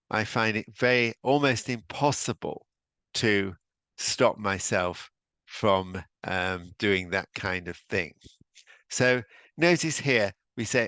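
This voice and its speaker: Slow, emphatic male English teacher. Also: on the low side, a bit bright, no room sound. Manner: slow, emphatic delivery with repeated model phrases. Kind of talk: spoken language lesson with drills.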